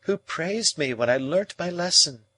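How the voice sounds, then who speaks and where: A man's voice: on the high side, breathy edge, pitched above the performer's own voice, exaggerated voice. A man doing a proud, cool young woman. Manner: calm, measured, reproachful.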